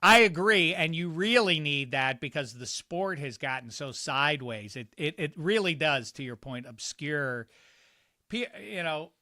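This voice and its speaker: Animated middle-aged man with a hard-to-place accent. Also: a little high, a little slow, no room sound, studio quality. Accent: warped, hard-to-place Pittsburgh-influenced American. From Pittsburgh area. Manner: animated, jokey, breaks into comic impressions. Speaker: guest sports analyst. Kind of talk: casual sports podcast chat.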